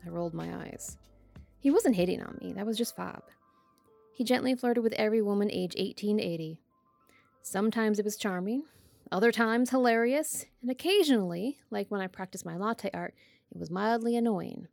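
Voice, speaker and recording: A woman's voice: medium pitch, normal speed, creaky, darkish tone, soft background music. A woman hosting a podcast, bubbly and eager, reading a novel aloud. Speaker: podcast host and reader.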